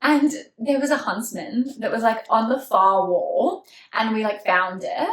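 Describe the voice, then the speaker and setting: A woman's voice: a little high, unhurried. A young woman hosting a podcast, chatting casually with a friend, giggly and swearing offhandedly. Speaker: podcast host. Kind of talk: casual chat. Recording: roomy echo.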